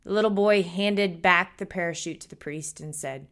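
A woman hosting a talk show, chatting casually and telling a joke with animated energy. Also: lowish voice, normal speed, few pauses, clean tone. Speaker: radio show host.

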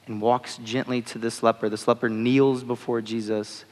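Casual young preacher in an echoing hall. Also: male voice, medium pitch, fairly even intonation, fairly quick, hardly any pauses, a bit bright. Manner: conversational, uses many fillers like "like" and "you know". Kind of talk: casual sermon. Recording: long hall reverb.

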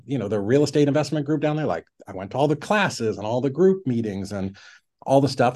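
A middle-aged real estate investor speaks in a warm, mid-range voice while telling a story on a podcast. The talk is casual and chatty, dotted with "like," as he acts out his own former thoughts.

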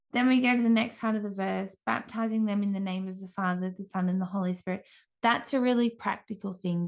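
A woman who hosts a podcast, giving an earnest faith-based encouragement talk with frequent restarts and pauses. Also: medium pitch, creaky, a little mellow. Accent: Australian. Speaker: podcast host.

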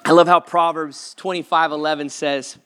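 A man's voice: a little high, level tone, normal speed, bright, forceful tone, clean tone. A man preaching a sermon as pastor at a church service, impassioned and quoting scripture as he lays out numbered steps.

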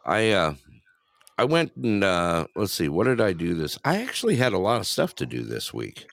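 A man's voice: low-pitched, huge pitch swings, normal speed, vocal fry, fairly bright tone. A man hosting a casual live online chat show, joking and greeting guests by name. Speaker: host.

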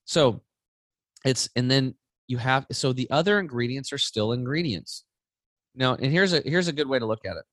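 A man in his forties, a podcast guest, chatting casually and telling stories with lively acted-out voices. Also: mid-range voice, moderate pace, dry recording. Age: 40s. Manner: animated storytelling, acting out voices. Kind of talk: casual chat.

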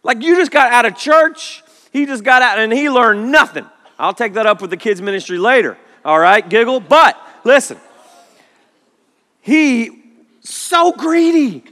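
Brief: man in his 30s, pastor delivering a lively sermon, bright forceful tone, reverb. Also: very high voice, normal speed, hardly any pauses. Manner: animated storytelling with acted-out quotes. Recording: long hall reverb.

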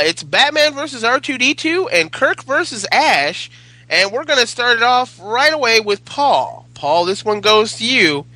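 High, bright-voiced excitable male host. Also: no room sound. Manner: excitable, swears freely. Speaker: podcast host. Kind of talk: casual panel chat.

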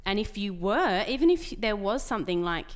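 A woman co-hosting a casual chat podcast, blunt and supportive, reacting with loud exclamations. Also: medium pitch, big pitch swings, fairly quick. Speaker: podcast co-host.

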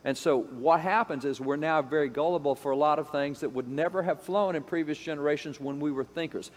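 A man delivering an emphatic lecture, building his points through repetition and briefly acting out the voices he quotes. His voice sits a touch high for a man. It rings out with a long reverb, as if in a large hall. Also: fairly quick. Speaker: speaker on education history. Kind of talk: lecture-style talk.

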